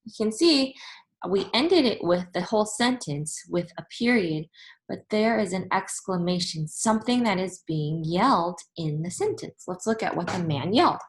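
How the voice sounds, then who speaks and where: On a poor-quality recording, a woman with a low-leaning, expressive voice teaches a remote class lesson. She addresses her students directly, patient and deliberate, going back over examples and reading them aloud again.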